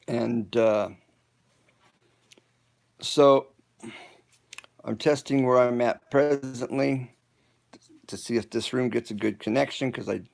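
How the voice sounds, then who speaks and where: A man talks slowly with a gravelly edge, chatting into his phone on a live stream from an indoor room. He rambles and stops to restart his sentences often. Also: medium pitch, darkish tone. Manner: halting, rambling, many restarts. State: hiccups. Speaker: home improvement vlogger. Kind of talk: casual live stream chat.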